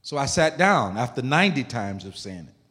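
A male pastor delivering a sermon with a mid-range voice, emphatic and repetitive, turning to the congregation with quick asides. His voice carries a long reverb from a large hall. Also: mid-range voice, very animated, a bit bright. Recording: echoey hall.

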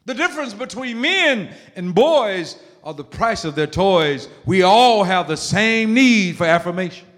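High, animated preacher in a big hall. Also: male voice, a little slow, hardly any pauses. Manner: emphatic, swings from soft to shouting. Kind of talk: sermon. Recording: long reverb of a large hall.

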